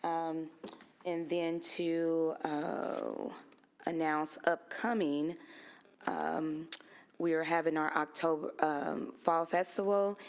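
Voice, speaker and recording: A woman with a notably low voice speaks slowly and deliberately, making encouraging announcements in a school board meeting room. She keeps an upbeat, friendly tone. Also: smooth.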